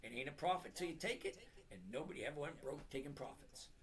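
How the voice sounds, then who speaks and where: Middle-aged guy hosting a trading stream, blunt and pushy, says stuff twice and slows way down to hammer it in. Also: fairly high pitch, a bit bright. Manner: blunt, emphatic, repeats points slowly. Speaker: trading live-stream host. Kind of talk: live-stream chat and lecture.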